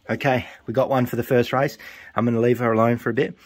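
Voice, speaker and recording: A man vlogging his pigeon race day in casual running commentary, who gets loud and excited as birds arrive. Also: medium pitch, quick pace. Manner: excitable, cheers birds home loudly.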